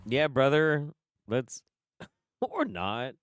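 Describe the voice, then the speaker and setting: A man's voice: mid-range voice, very animated, normal speed, fairly bright tone, dry recording, studio quality. A man hosting a casual commentary stream, swearing and laughing, with an exasperated delivery. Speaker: streamer host.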